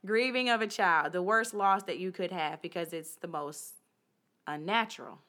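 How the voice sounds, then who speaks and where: A woman co-hosting a casual talk show, retelling stories in a chatty, animated way. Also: lowish voice, normal speed. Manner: chatty storyteller, acts out quotes. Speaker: podcast co-host. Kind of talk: casual chat.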